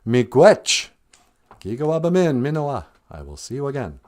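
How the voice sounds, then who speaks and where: A man's voice: mid-range voice, sing-song, normal speed, darkish tone, pitched above the performer's own voice, lightly acted. A man voicing a naive young boy who talks eagerly and rambles.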